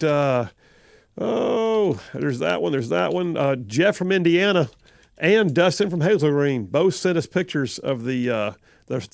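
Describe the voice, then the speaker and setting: A man's voice: a little high, gravelly, dry recording. A middle-aged man with a Southern accent hosting a live call-in radio show, rambling and chuckling as he corrects himself. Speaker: radio talk show host. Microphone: studio microphone.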